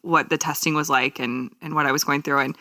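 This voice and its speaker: A woman co-hosting a podcast, chatting casually and earnestly, lively when she reads out funny headlines. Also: deep voice, a little fast. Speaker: podcast co-host. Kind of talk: casual chat.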